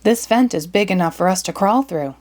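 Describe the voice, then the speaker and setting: A woman's voice: medium pitch, expressive, fairly quick, a little mellow, natural voice. A woman voicing a confident teenage boy who leads the gang, in an upbeat, commanding way. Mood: bossy.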